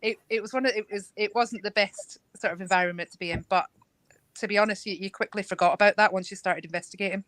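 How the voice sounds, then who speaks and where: A woman guest on a chat show, soft-spoken and hesitant, recalling a ghost hunt. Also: medium pitch, steady tone, fast talker, dry recording, poor audio. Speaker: paranormal investigator guest. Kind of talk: casual chat.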